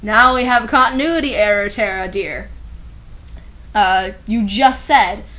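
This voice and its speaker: A woman's voice: mid-range voice, unhurried, sharp tone. A young woman reading a fan fiction aloud and breaking in with sarcastic, exasperated asides. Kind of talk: comedic dramatic reading with commentary.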